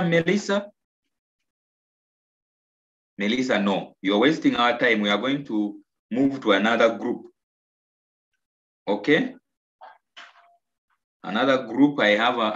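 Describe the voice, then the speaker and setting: A Ugandan man teaching an online English lesson, slow and coaxing, repeating answers and praising his pupils. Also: on the low side, fairly bright tone. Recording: roomy, dull lo-fi video call audio.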